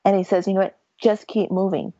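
A woman telling a long story in casual chat, rambling and animated, with many fillers and restarts. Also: mid-range voice, fairly quick, dry recording, dull audio.

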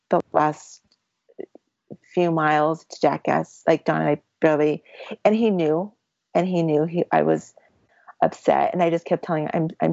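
A woman telling a long personal story about a race as a guest, talking in halting bursts with many restarts and becoming tearful at times. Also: low voice, creaky, a little mellow, no echo. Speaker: ultramarathon runner guest. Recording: dry, dull lo-fi audio.

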